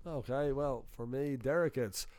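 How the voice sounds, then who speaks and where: A young Dublin man with an Irish accent, co-hosting a podcast and telling a profane, animated anecdote in casual chat. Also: medium pitch, measured pace, no room sound, clean studio sound. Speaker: podcast co-host.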